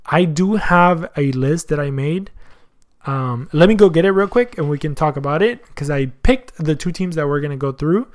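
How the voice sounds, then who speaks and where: A man's voice: fairly high pitch, animated, normal speed. A man hosting a soccer podcast in casual chat, slangy and thinking aloud as he goes. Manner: chatty, thinks aloud, asks himself questions.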